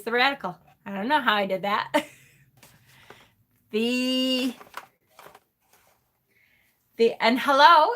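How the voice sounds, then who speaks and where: Bright-voiced woman chatting on a live stream. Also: fairly high pitch. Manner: chatty, laughs often, reads aloud and answers chat. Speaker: host of a tarot channel. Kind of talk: casual live-stream chat.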